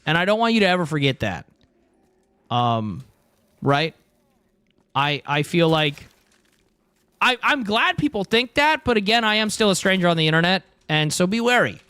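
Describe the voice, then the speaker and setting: Young male streamer, slightly higher voice, dry close sound, rambling, swearing, casual. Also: big pitch swings, moderate pace, long pauses, pushed and bright, clean tone, dry recording. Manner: rambling and profane, with constant "dude" and "bro". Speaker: livestreamer.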